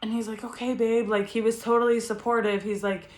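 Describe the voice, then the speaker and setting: A young woman vlogger telling a personal story in a chatty way, full of fillers and animated retelling. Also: on the high side, fairly quick. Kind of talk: casual storytelling to camera.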